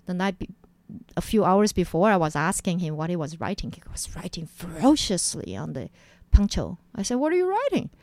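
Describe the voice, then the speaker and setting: A woman's voice: lowish voice, normal speed, no echo. A woman, recounting her past as an interview guest and acting out voices as she goes. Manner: animated, acts out quotes in a raised voice. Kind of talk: personal storytelling in an interview.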